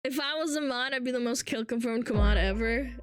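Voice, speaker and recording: A woman's voice: on the high side, fairly quick, clean tone, no room sound, soft background music. A woman livestreamer in casual chat, ranting with lots of swearing and mocking her viewers. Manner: ranting, profane, mocking impressions.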